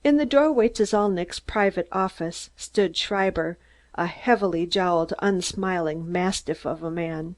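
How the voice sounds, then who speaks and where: A woman reading a mystery audiobook aloud in a measured, expressive way. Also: lowish voice. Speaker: audiobook reader. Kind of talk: audiobook narration.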